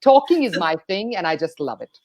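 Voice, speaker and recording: A woman talks as a guest about public speaking. Her pitch swings widely, high then low, as she plays up rhythm and pauses. She speaks like a trained radio voice. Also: big pitch swings, a little mellow. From India. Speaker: guest, speech coach and radio jockey. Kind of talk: enthusiastic interview talk.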